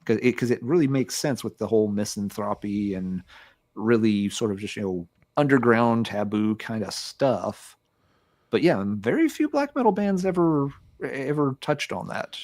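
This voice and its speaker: A man's voice: medium pitch, expressive, normal speed, darkish tone. A man co-hosting a music podcast, chatting casually and rambling with many fillers and restarts. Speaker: podcast co-host. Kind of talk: casual music review chat.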